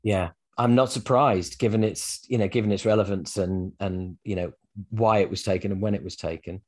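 A man's voice: fairly low pitch, moderate pace. A man hosting a podcast, chatting casually and reflectively with his guest, with many "you know"s. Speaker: podcast host. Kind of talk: casual interview chat.

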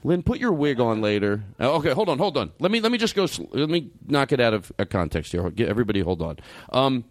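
A man hosting a comedic podcast in a studio, talking in a rambling, profane, animated way. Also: mid-range voice, fast, no room sound. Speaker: podcast host. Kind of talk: casual comedic podcast banter.

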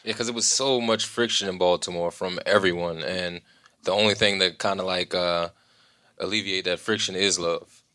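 A man chatting in an interview, halting and pausing between words. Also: sits low, steady tone, sharp tone, smooth, no echo. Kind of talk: casual interview chat.

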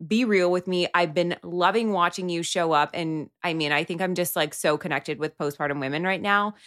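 Earnest woman with a lowish voice. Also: fairly bright tone. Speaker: podcast co-host. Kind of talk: candid personal chat.

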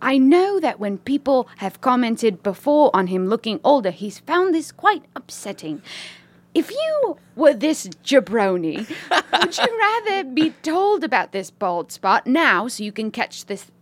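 A woman's voice: high-pitched, sing-song, a little slow, no echo. A woman podcast host reading a listener email aloud with a playful, put-on British accent. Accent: mock British.

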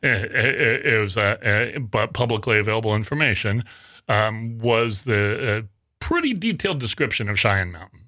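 Bright-voiced, rambling man telling a story. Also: fairly low pitch, expressive, moderate pace, no echo, studio quality. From Wyoming, USA. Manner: rambling storyteller with many restarts and fillers. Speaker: guest author. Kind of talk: casual podcast interview.

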